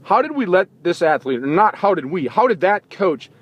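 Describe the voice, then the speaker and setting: A man's voice: high-pitched, big pitch swings, normal speed, breathy edge. A man hosting a sports talk show, giving an impassioned opinion monologue full of indignant rhetorical questions, recorded in a vehicle.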